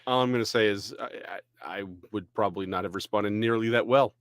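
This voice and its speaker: A man from Texas with a low voice chats casually as a podcast co-host. He often restarts his sentences, then runs on quickly. The sound is dry, as if right at the mic. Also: no echo. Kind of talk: casual chat.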